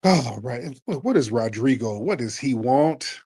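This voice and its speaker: A man's voice: mid-range voice, lively intonation, measured pace, dark tone, husky, dry recording. A man hosting an online talk show in a laid-back, exasperated way. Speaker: host.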